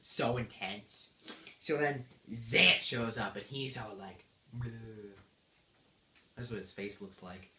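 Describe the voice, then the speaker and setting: Bubbly woman gushing through a game recap, low voice, echoey room. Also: unhurried, sharp tone, a little hiss or hum. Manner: bubbly, gushing, jokey retelling. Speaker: game reviewer.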